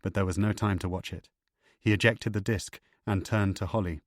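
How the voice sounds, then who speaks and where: A man narrating an audiobook in a measured, even storytelling manner, over loud background music. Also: sits low, no echo, studio quality. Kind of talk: scripted narration. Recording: loud music bed under voice.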